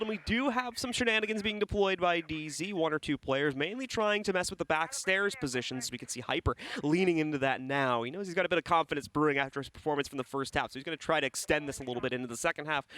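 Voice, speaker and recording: A young man casting an esports match, giving fast play-by-play commentary. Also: fairly high pitch. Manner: fast, energetic, joking with co-caster. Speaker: esports caster.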